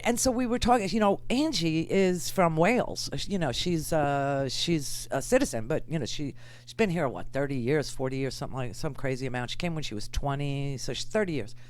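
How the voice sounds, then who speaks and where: An older woman hosting a political talk show, chatty and candid, often exasperated. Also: low-pitched. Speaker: radio talk show host.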